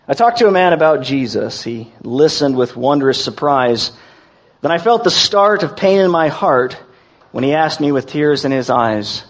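A man preaching a sermon in a folksy, halting way, with many restarts as he tells jokes and reads verses. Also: medium pitch, animated. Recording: dull lo-fi recording.

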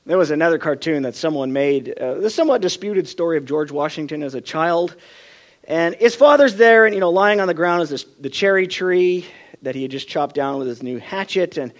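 Lively high-voiced preacher. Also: male voice. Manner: expressive storytelling, acts out quoted voices. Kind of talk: sermon.

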